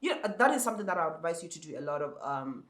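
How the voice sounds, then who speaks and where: A man from Africa with an African accent and a high, soprano-like voice, giving chatty advice as an ESL teacher vlogger, repeating words as he talks straight to viewers. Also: big pitch swings, racing, a bit bright. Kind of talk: casual advice vlog. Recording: echoey room.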